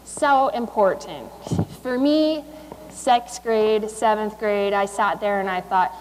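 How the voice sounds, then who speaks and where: Speaking slowly in a medium-pitched voice, a woman in her thirties, an Olympic speed skater, addresses a school assembly as a guest speaker. Her motivational talk is conversational, with fillers and restarts, and the poor audio has a long reverb tail.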